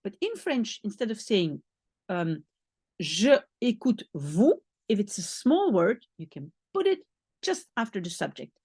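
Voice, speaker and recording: A woman's voice: medium pitch, huge pitch swings, normal speed, a little mellow, breathy edge, no echo. A woman from Belgium, a native Dutch speaker with a Belgian accent, patiently teaching beginner French and repeating phrases as she thinks aloud. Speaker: language teacher.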